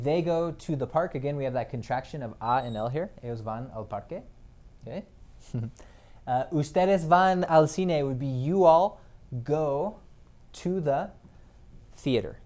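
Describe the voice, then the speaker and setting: A man's voice: mid-range voice, dark tone. A man teaching a recorded Spanish grammar lesson, explaining step by step and checking in with the class.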